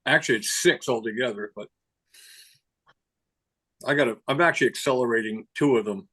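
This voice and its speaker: A man's voice: mid-range voice, a little fast, sharp tone. A man telling jokes and chatting casually on a video call. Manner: jokey joke-teller. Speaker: meeting participant.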